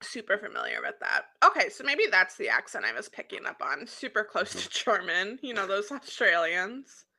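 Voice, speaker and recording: A woman's voice: mid-range voice, wildly swooping pitch, normal speed, vocal fry, bright, forceful tone. A woman co-hosting a podcast, chatting casually and playfully about a movie, giggling and poking fun at herself, recorded over a remote call. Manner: giggly, playfully self-mocking. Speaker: podcast co-host.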